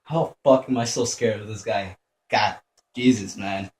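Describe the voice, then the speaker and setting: Swearing often, this young man narrates his own gameplay in a slightly mellow, lowish voice with fairly even intonation and a measured pace. He tenses up and mutters to himself, and the recording has room echo and faint background noise.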